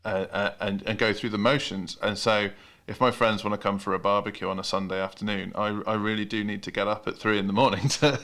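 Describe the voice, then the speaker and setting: A man's voice: on the low side, fairly even intonation, brisk, fairly bright tone. A British man hosting a podcast, chatting casually, laughing easily and restarting his phrases. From United Kingdom. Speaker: podcast host. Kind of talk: casual interview chat.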